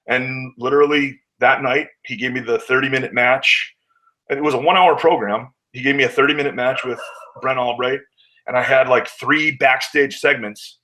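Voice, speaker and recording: A man's voice: mid-range voice, fairly even intonation, normal speed, bright, forceful tone, poor audio. Candid male wrestler telling stories. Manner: candid, acts out quotes of others, swears. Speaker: guest, pro wrestler. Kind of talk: casual storytelling interview.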